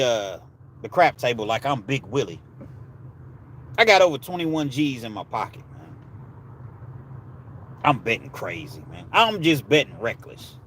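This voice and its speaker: Man, casual livestream host, slangy storyteller, mid-pitched voice, faint noise behind. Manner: laid-back, animated storytelling with street slang. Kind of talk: casual storytelling and chat with viewers.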